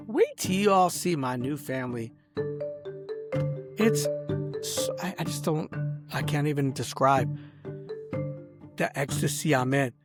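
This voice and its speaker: A man in a rambling, angry vlog rant, boastful, smoking a cigar as he talks and saying "bro" and "dog" at every turn. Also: a little high. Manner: smoking a cigar while talking. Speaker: vlogger.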